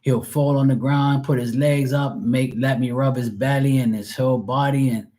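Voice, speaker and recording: In casual live-stream chat, a middle-aged host rambles through tales, giving voice to the people in them. His mid-range voice is mellow and steady, moving at a moderate pace.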